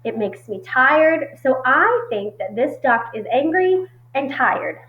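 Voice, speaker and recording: A woman's voice: high-pitched, sing-song, slow. Woman, teacher, recorded lesson for children, friendly explaining, um-filled, muffled echoey sound.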